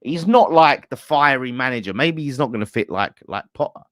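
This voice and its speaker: A man's voice: mid-range voice, expressive, normal speed, dry recording, studio quality. A man hosting a casual fan live stream, ranting bluntly with swearing and laughter. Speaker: fan channel host.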